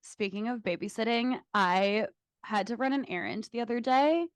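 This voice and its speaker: A woman's voice: on the high side, moderate pace, clean tone, no room sound, studio quality. A young woman co-hosting a podcast, telling stories in casual chat, laughing often and swearing. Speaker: podcast co-host.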